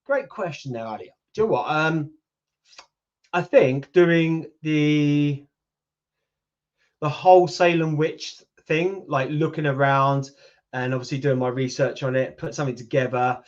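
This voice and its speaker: A man in his fifties with a British accent, from the UK, hosts a YouTube livestream, chatting casually and answering comments. His voice is on the high side and his pace measured. The audio is lo-fi.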